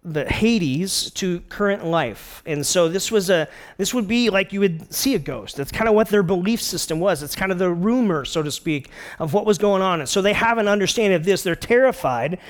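A man's voice: high voice, animated, normal speed, few pauses. A middle-aged man preaching a casual sermon, retelling a scripture story with jokes and playful quoted voices. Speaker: pastor.

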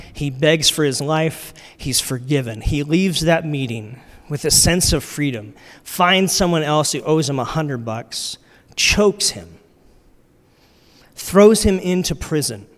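A man preaching a sermon in a relaxed, conversational way, using slang and repeating his key lines for emphasis. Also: a little high, measured pace. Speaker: pastor. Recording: long reverb of a large hall.

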